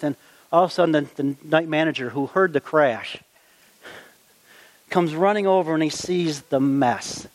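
A middle-aged man recounting a memory from his youth, folksy and lively, who slips into the voices of the people in his story. His voice sits a touch higher than most men's. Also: moderate pace. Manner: animated, folksy storytelling with acted-out quotes. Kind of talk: personal anecdote, told aloud.

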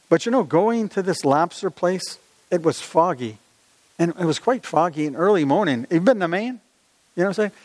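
A man's voice: on the high side, dry recording, long reverb tail. A male pastor preaching conversationally, asking his listeners questions and reading scripture aloud.

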